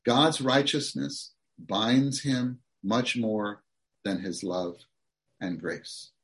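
A man's voice: mid-range voice, very slow, fairly bright tone. A man preaching a sermon, reading outline points aloud and then expounding earnestly to the congregation.

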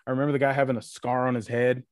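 A man's voice: medium pitch, very fast, no room sound, clean studio sound. A man, a podcast guest, telling a rowdy story in casual chat, swearing constantly and piling on fillers. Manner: profane, animated storytelling full of fillers. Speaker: podcast guest, former retail loss-prevention worker.

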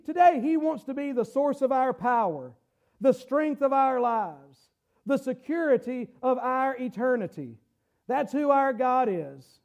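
High-pitched man preaching emphatically. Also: highs cut off. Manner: emphatic preaching, rising to shouts, repeating phrases. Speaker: pastor. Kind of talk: sermon.

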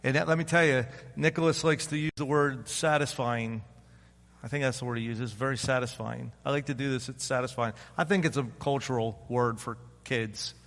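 A man's voice: mid-range voice, steady tone, normal speed, fairly bright tone, long reverb tail. A man in his fifties, a pastor preaching an informal, conversational sermon and acting out other people's voices. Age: 50s. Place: church sanctuary.

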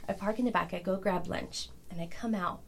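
Animated laughing woman guest. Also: fairly low pitch, brisk, gravelly. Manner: animated, laughs often, acts out quotes. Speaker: podcast guest, vintage furniture dealer. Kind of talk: casual storytelling chat.

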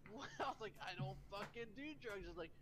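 A man's voice: sits high, a little fast, slight background noise. A man in casual chat, laughing and cursing as he chimes in on the story. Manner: laughing, profane, quiet interjections.

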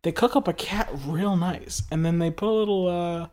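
A man's voice: sits high, steady tone, normal speed, darkish tone. A man from New York in casual chat, telling loose jokey stories with plenty of fillers. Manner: laid-back, joking, loose storytelling with fillers.

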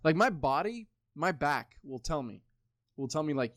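A man's voice: fairly high pitch, lively intonation, moderate pace, no echo. Young guy rambling and cussing in casual chat, dry close sound. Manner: rambling, heavy swearing, lots of "like". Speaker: podcast co-host.

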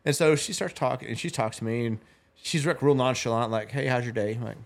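A man's voice: medium pitch, a little fast, gravelly. A man, telling a long story as a podcast guest, rambling and laughing as he goes. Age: 40s. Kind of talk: casual storytelling.

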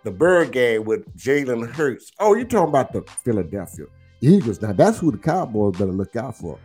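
Lively trash-talking man with a drawl. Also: mid-range voice, moderate pace, husky, soft background music. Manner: animated, teasing, drawling, repeats himself. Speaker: livestream host. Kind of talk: casual football smack talk.

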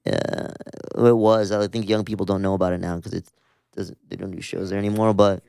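A man's voice: low voice, level tone, fairly quick, creaky, a little mellow, smooth, dry recording, clean studio sound. A man in his thirties from Southern California, a musician telling stories in casual chat, rambling with lots of fillers and swearing. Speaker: musician guest.

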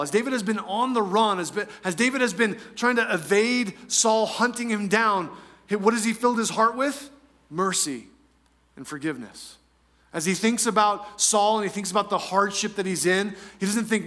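A male pastor preaching with a high, bright, forceful voice. He stacks repeated phrases for emphasis and drops into casual asides with restarts. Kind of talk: sermon.

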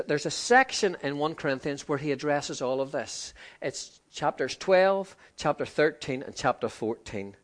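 A man preaching a sermon in a conversational way, acting out quoted voices. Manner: conversational, acts out quoted voices with lively pitch swings.

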